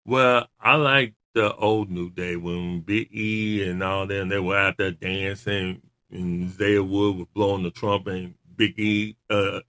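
A man chatting casually in loose grammar, rambling and laughing often as he tells animated stories. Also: sits low, a little slow, hardly any pauses. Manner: animated storyteller. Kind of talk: casual chat watching wrestling.

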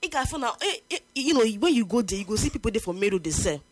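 A Nigerian woman co-hosting a casual chat, talking in an animated, indignant way. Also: on the high side, racing, no echo. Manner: animated, indignant, mixing languages.

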